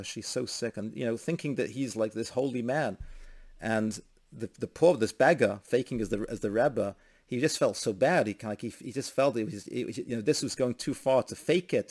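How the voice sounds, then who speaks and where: A man's voice: mid-range voice, a little fast, darkish tone. A man in a mid-range voice delivers a storytelling sermon. He talks in an easy, conversational way, often restarting his phrases, and builds toward an emphatic blessing.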